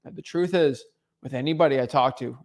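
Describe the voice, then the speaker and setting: On his livestream, a real estate wholesaling coach talks fairly quickly at a medium pitch. His unscripted delivery is blunt and teasing, frequently marked by stumbles and repeated words.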